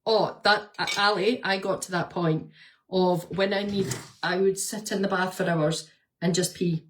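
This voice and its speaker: A woman's voice: lowish voice, fairly even intonation, unhurried. A woman vlogger and nurse chatting casually, answering viewer comments and laughing often as she retells stories.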